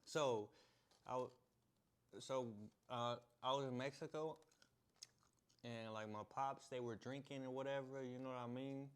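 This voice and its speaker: A man's voice: medium pitch, fairly even intonation, measured pace, pauses often, clean tone. A young man tells a story straight to his viewers in loose, slangy talk. He laughs often and acts out the moments as he goes. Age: young adult. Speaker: vlogger. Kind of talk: casual storytelling to camera.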